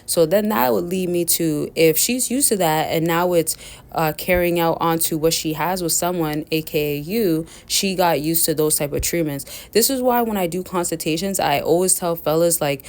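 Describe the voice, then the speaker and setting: A woman with a fairly low, unhurried voice gives casual relationship advice to men. She talks in a loose, rambling way, circling back to her points. She often turns to her viewers with y'all. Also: darkish tone. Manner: rambling, chatty, keeps addressing listeners as y'all. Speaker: dating coach.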